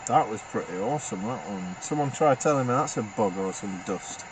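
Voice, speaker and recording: On a noisy field recording made in a car at night, a paranormal investigator with a fairly low voice and lively intonation talks fairly quickly. He banters, laughs a lot, and questions the spirits directly.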